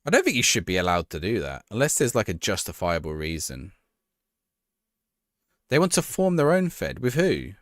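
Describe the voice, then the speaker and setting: A man's voice: fairly low pitch, huge pitch swings, moderate pace, long pauses, no echo, clean studio sound. A man streaming a football management game live, reacting to the action and chatting with his viewers.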